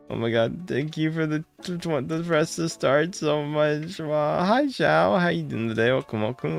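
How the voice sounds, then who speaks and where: Gravelly-voiced man chatting on a live stream. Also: medium pitch. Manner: greets viewers by name, excitable and gushing. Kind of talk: casual live-stream chat.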